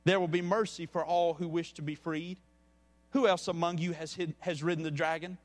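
A man voicing a grieving, merciful old king, speaking low, soft and grave in a church. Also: little pitch movement, moderate pace, in a large hall, natural voice. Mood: solemn.

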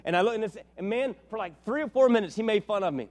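A middle-aged man from West Virginia preaching a sermon, telling stories and rising to animated, shouted peaks. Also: sits high, quick pace. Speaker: pastor.

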